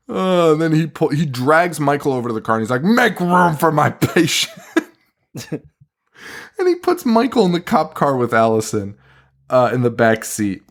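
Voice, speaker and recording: A man's voice: fairly high pitch, very animated, normal speed, pauses often. A man co-hosting a podcast, casually recapping a film scene by scene, swearing often and laughing in disbelief. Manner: profane, laughing, incredulous recapping. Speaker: podcast co-host. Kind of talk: casual movie review chat.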